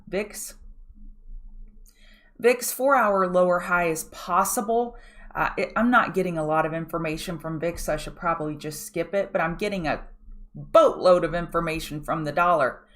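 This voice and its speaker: A woman's voice: lowish voice, animated, moderate pace, a bit bright. A woman hosting a pre-market trading show, walking viewers through charts in a direct, coaching way and often asking them to look at the chart. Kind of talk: live chart analysis walkthrough.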